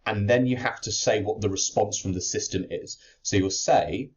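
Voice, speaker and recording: A lowish male voice moves at normal speed with few pauses as he coaches chemistry exam technique. Writing out a worked answer, he explains it step by step, though fillers and restarts creep in; the lo-fi audio is slightly dull.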